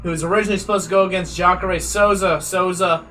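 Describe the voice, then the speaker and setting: A man's voice: high voice, fairly even intonation, quick pace, pushed and bright, low-quality recording. A man co-hosting a casual podcast, joking and crude in banter. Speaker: podcast co-host.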